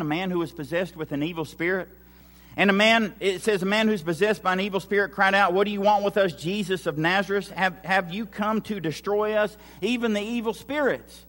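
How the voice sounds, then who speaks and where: A man's voice: high-pitched, fairly bright tone, long reverb tail. A man preaching a sermon with emphatic, repetitive lines and acted-out quotes. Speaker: pastor.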